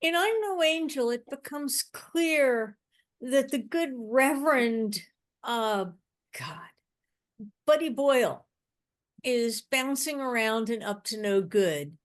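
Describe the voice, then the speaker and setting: A woman fan panelist on a video call, laying out her point in a measured, deliberate way. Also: high-pitched, expressive. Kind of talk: casual video-call chat.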